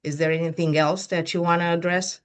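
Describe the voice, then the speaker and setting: Brief: female agent in a practice role-play, lower voice, hesitant. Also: little pitch movement, brisk. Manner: hesitant, many fillers.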